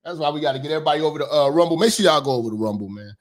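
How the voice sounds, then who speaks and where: A man from hosting a casual commentary livestream, slangy and profane, swinging between loud shouting and low muttering and repeating phrases for emphasis. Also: racing. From Chicago. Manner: profane, slangy street talk. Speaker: commentary show host.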